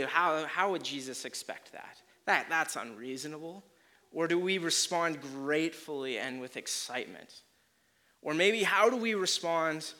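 A man preaches a sermon, retelling a story with lots of energy and acting out its quotes. His voice is bright and forward, pitched a little high for a man, and it keeps rising and falling in loudness as he presses his points. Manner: animated storytelling, acts out quotes with swings in loudness.

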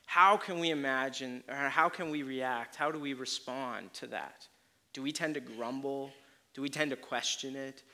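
A man preaching a sermon, telling a story with animated swings in loudness and acting out quotes. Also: medium pitch, moderate pace.

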